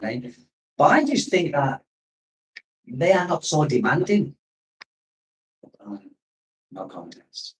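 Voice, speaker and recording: A man's voice: on the high side, big pitch swings, slow pace, pauses often, recorded from a distance, rough recording. A man talks freely in a casual live-stream chat, drifting from one story to the next. He keeps breaking off to answer comments from viewers, in an easygoing, unscripted way. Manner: rambling, chatty, reads out viewer comments. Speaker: expat livestream host.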